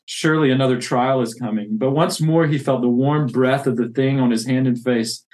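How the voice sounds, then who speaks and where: A man's voice: medium pitch, fairly even intonation, moderate pace, hardly any pauses, darkish tone. A man who plants churches reads from a classic novel and reflects earnestly on faith. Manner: earnest, reflective, with many restarts.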